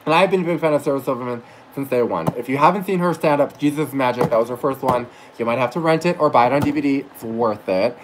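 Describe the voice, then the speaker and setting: Male vlogger, gushing and rambling, swears freely, mid-pitched voice, faint noise behind. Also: quick pace, few pauses. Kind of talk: casual storytelling vlog.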